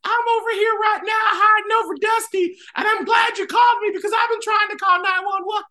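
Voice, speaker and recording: A man putting on a high, shouting voice for a talking pile of pine straw in a radio bit. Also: steady tone, brisk, exaggerated voice. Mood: frantic. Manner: high shouted hillbilly-ish pitch.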